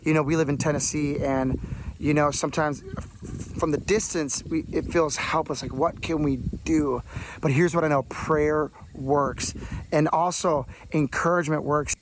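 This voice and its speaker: A man's voice: on the high side, steady tone, moderate pace, background noise. Earnest man giving encouragement. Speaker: guest sending a recorded message. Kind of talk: recorded encouragement message.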